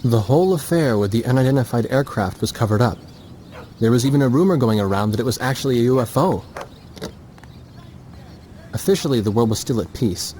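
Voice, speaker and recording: Guy doing a young pilot narrating, calm, mellow tone, faint hiss behind. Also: medium pitch, fairly quick, long pauses, close to an everyday voice. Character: earnest young pilot recalling events. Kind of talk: game cutscene narration and dialogue.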